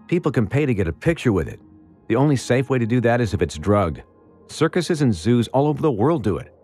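A frightened, blunt young girl who scolds and swears, her voice pitched well up above the man reading her and swinging widely. She sounds tense and fretful throughout. Soft music sits underneath the storybook reading. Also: sing-song, brisk, husky. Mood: anxious.

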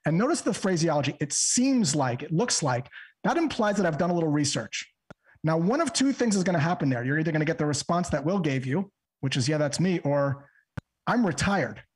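Man, sales trainer; calm, measured, methodical; slightly higher, husky voice. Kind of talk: explaining and role-playing a cold call. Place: podcast interview recording.

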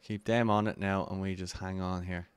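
Irish guy calling his football game live, lowish smooth voice, dry close mic, anxious and pushy. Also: flat delivery, moderate pace, no room sound. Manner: anxious, urging players on. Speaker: gamer commentating own match. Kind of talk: live gameplay commentary.

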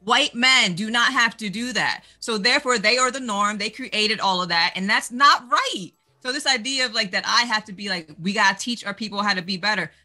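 A woman with a doctorate speaks on a discussion panel, passionate and outspoken. Her voice is strikingly bright and sharp, and sits at a middle pitch. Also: fairly quick, few pauses, soft background music.

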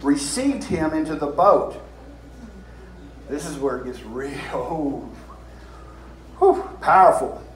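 A man's voice: a little high, animated, slow, long pauses. A man in his fifties with a Southern US drawl, preaching an informal sermon and reading scripture. He talks in a folksy way, repeats phrases and asks the room questions. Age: 50s. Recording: echoey room with faint hiss.

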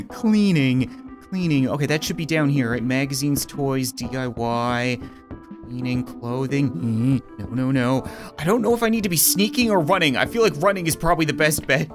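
Man, sarcastic let's play commentary, jumpy and self-mocking, mid-range voice, clear game music underneath. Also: mid-range voice, normal speed. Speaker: gaming YouTuber.

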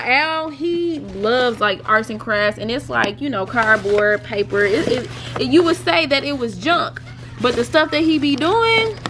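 A young mother, chatting casually in a home vlog, playful and quick to laugh with her kids. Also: on the high side, fairly bright tone, a little hiss or hum. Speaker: family vlogger and mother. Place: home, indoors.

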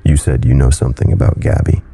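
A man voicing a calm, gentle man, Ash, deep and husky. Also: fast, soft background music, full character voice.

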